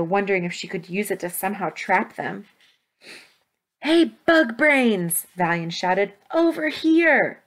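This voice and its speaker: A woman teacher reading a children's novel aloud with steady, expressive storytelling. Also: lowish voice. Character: brave young girl heroine. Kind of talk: children's book read-aloud.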